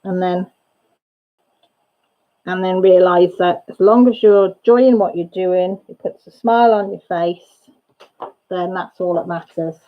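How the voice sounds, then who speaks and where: A woman's voice: on the low side, measured pace, long pauses. Woman, casual craft livestream host, rambling, self-interrupting, muffled lo-fi sound. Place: at home.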